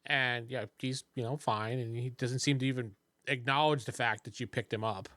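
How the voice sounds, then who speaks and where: Young male game master, bright tone, laughs easily, does quick character voices. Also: medium pitch, steady tone, no echo. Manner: laughing often, voicing characters briefly. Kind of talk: narrating a tabletop game.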